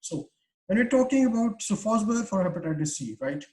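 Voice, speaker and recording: Giving a remote research lecture, a man keeps saying "uh" and restarting his sentences as he explains. His high-sitting voice is brisk and slightly mellow with lively intonation, though the recording is rough.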